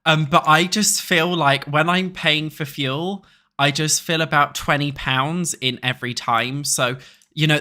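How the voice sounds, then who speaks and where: A young British man streams a building game, chatting casually with viewers and swearing freely. His voice is on the high side, with a steady, sharp tone and a measured pace.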